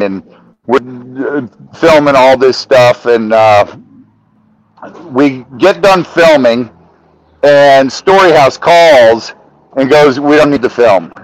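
A middle-aged man telling a story as a podcast guest, animated and profane, rising to shouts when he acts out arguments. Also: medium pitch, dry recording, poor audio. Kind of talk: storytelling in casual chat.

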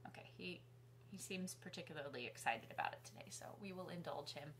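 A woman hosting a children's music class from her living room, singing nursery songs and talking gently to young kids. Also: lowish voice, fairly quick, slight background noise. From New York City. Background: guitar accompaniment.

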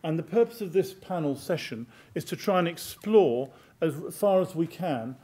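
An older British man chairing a panel debate in a formal, measured, enthusiastic way. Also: a little high, dark tone. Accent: British English. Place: large lecture hall.

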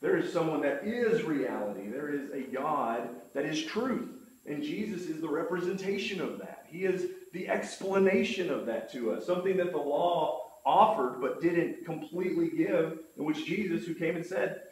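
Man, Bible class teacher, earnest and emphatic, slightly high voice, very echoey room. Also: lively intonation, normal speed. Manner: earnest, emphatic, quotes scripture and authors. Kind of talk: church lesson talk. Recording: echoey room with faint noise.

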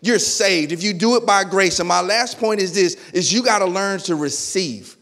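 A middle-aged male pastor with a notably high voice preaches in a loose, colloquial way. He tells stories with energy and acts out the back-and-forth himself. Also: moderate pace. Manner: lively storytelling, acting out dialogue in his own voice. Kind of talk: sermon.

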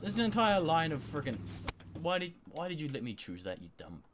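A man commentating on a game he is playing, excitable and swearing, a bit sick and clearing his throat. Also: mid-range voice, normal speed, noisy background. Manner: excitable, swearing, yelping at failures. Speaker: gameplay commentator. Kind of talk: let's play commentary.

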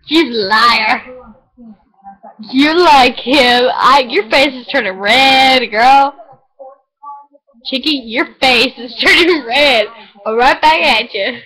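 A woman chatting casually on a home video, giggly and teasing, breaking into shouts. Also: high-pitched, slow pace, pauses often, poor audio.

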